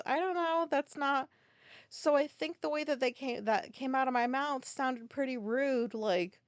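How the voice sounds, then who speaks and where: Woman, podcast host, casual rambling storytelling, swears a lot, self-correcting, slightly high voice, dry sound. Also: measured pace, no echo.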